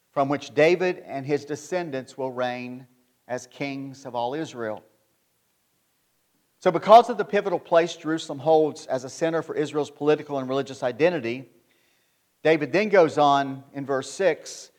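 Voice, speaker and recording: A man preaching a sermon, reading scripture in a measured, earnest way and building to forceful emphasis. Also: fairly high pitch, animated.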